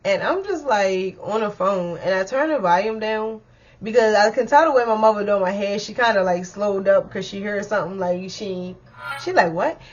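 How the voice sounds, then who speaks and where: A young woman telling a personal story in a chatty, animated way, full of slang and speaking straight to her viewers. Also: mid-range voice, moderate pace, muffled recording. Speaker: storyteller vlogger. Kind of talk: casual storytime.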